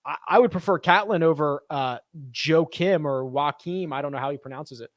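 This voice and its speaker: A man's voice: on the high side, moderate pace, no echo. Chatty man with a dry close sound. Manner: chatty, thinks aloud, reads viewer questions. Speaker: host. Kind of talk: casual live-stream chat.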